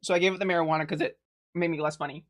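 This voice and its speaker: A young woman chatting casually and swearing a lot while eating on a live stream, close to a desk mic, breaking into laughs and loud outbursts. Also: deep voice, steady tone, very fast.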